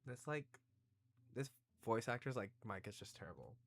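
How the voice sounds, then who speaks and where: A male streamer chatting casually over a game, rambling and swearing freely. His pitch jumps around in lively swings, and he often puts himself down. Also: normal speed, vocal fry. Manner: rambling, swearing, self-deprecating.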